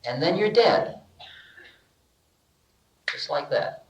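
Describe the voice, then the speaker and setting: An older man giving a relaxed spiritual talk, telling stories and acting out bits of dialogue with humor, in an archival lecture recording. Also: on the high side, a little slow, roomy sound, highs cut off. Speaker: spiritual teacher.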